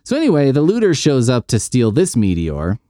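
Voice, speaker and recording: A man's voice: mid-range voice, huge pitch swings, moderate pace, mellow, dry recording, studio quality. A man hosting a podcast, recapping comics in a rambling, jokey, profane way. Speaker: podcast host. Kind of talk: casual comic book recap chat.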